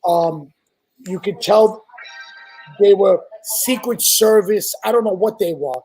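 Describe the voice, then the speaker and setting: A man from Staten Island with a New York accent, telling a profane, animated anecdote as a guest in casual chat. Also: sits high, slow pace, breathy edge, soft background music, poor audio. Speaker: guest storyteller.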